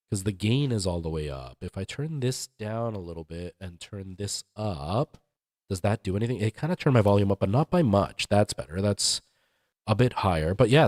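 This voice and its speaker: A man streamer in relaxed casual chat, walking his viewers through mixer settings at length. His voice sits a little low and sounds dry and close on the mic. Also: dry recording. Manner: rambling, explaining audio gear to chat. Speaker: livestream host.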